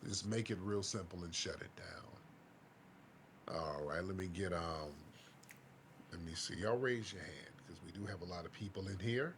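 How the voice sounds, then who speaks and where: A man hosting a live audio chat room, briskly calling up the next speakers. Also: low voice, background noise. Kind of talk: moderating callers.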